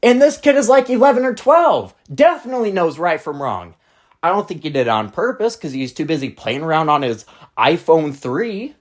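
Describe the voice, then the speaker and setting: Exasperated ranting storyteller, lively pitch. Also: moderate pace. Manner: exasperated, blunt, profane ranting. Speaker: channel host. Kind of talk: storytime rant.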